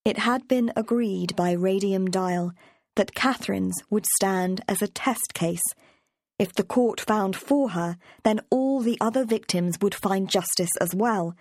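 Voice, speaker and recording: A woman narrates an audiobook in a measured, steady storytelling voice. Her pitch sits in an ordinary middle range. The recording is dry and close, with no room sound around her. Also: dry recording. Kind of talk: scripted narration.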